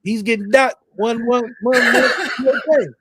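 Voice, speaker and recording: A man's voice: very high voice, fairly even intonation, a little slow, fairly bright tone, slightly rough, no echo. A man hosting a podcast in casual chat, joking bluntly and swearing. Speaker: podcast host. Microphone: streaming setup, close mic.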